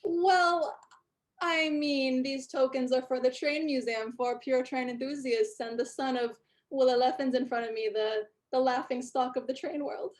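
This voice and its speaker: A woman's voice: sits high, steady tone, normal speed, voice pushed up, close to an everyday voice. Woman putting on a pompous nerdy dwarf. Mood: mocking. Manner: grandiose, condescending. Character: pompous nerdy male dwarf train enthusiast.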